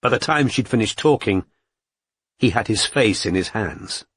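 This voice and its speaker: A man reading a crime novel as an audiobook narrator, in an even, measured way. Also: on the low side, breathy edge, no echo. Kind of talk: scripted narration.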